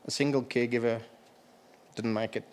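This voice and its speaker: His voice is mid-range and his tone steady as a middle-aged man eulogizes a relative at a memorial. He falters with emotion, pausing now and then to clear his throat.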